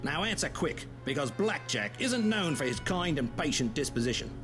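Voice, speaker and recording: Brash Cockney spy. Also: male voice, on the high side, big pitch swings, normal speed. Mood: cocky, blustery. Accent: Cockney (put on). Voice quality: exaggerated stagey Cockney, cocky and blustery. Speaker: game voice actor. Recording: game audio with loud music behind.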